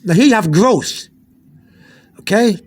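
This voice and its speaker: Expressive and high, his voice keeps a measured pace as he leads a casual pronunciation lesson, phone held in one hand. The Spanish teacher is patient and repetitive, restarting frequently as he drills words.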